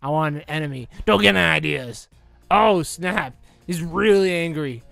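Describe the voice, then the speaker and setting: A young man doing a jokey, excitable commentary over a video game, bursting into mock announcer shouts. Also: on the high side, moderate pace, gravelly, dry recording, soft background music. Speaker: let's play gamer. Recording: dry close recording.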